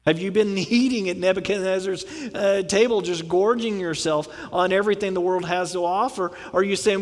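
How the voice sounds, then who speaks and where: A man delivers a sermon in a chatty, storytelling manner, slipping into voices for the people in his anecdotes. His voice sits high for a man. The sound carries a long reverb, like a large sanctuary. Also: steady tone, moderate pace, few pauses. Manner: storytelling, acts out quoted voices, conversational. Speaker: pastor.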